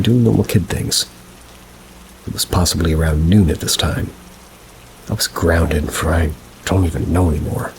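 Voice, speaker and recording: A man reading first-person paranormal stories aloud in a measured, unhurried storytelling manner. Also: deep voice, a little mellow, slight background noise, poor audio. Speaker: narrator.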